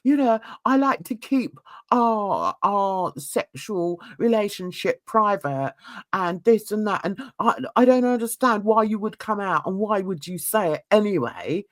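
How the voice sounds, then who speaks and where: A woman's voice: medium pitch, animated, a little slow, lightly acted. A woman mimicking a pompous young husband who scolds his wife in a prissy, huffy way.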